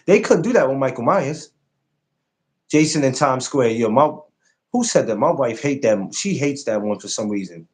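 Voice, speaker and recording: Animated casual man hosting a live stream. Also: normal speed. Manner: animated, swearing, jumps to high exclaims when mocking. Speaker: podcast host on a live stream.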